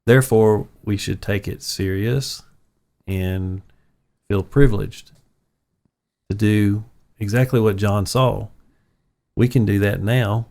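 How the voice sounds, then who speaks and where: Pastor guy, kinda low voice, earnest storytelling on a casual chat show. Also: steady tone, slow, vocal fry, pauses often, darkish tone. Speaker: pastor and podcast host.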